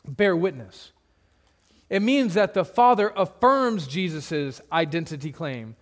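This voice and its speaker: Male pastor in the pulpit, slightly high voice, plain-spoken teaching with light humor and emphatic repetition. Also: animated, a little slow. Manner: conversational preaching with humorous asides; repeats points for emphasis. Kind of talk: expository sermon.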